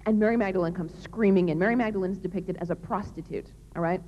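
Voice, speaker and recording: A woman's voice: medium pitch, fast, a little mellow. A woman giving an earnest, emphatic religious talk to young people in a large hall. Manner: earnest, emphatic, plain-spoken. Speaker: speaker on chastity. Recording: dull lo-fi recording in a reverberant hall.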